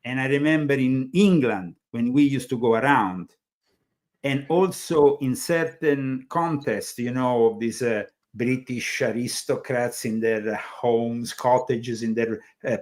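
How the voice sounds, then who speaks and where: Speaking a little slowly in a medium-pitched voice with fairly even intonation, an Italian host runs a casual conversational interview. His accented talk wanders and hesitates, packed with filler words.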